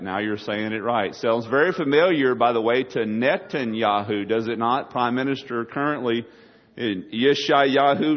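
Man, preacher, folksy, jokey sermon, middle pitch, dull lo-fi recording. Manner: folksy, jokey, talks to the audience. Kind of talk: sermon with storytelling.

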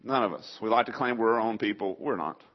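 A man's voice: lowish voice, fast talker. A man from southeast Texas preaching a sermon with a faint East Texas Southern accent, folksy and chatty, asking the congregation questions. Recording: dull lo-fi sound.

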